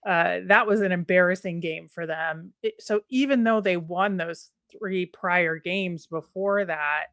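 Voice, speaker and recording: A woman co-hosting a casual sports podcast, chatty and analytical, quick to break into a laugh. Her voice sits a little low for a woman. The sound is close and dry, with no room in it. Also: a bit bright, no room sound. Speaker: podcast co-host.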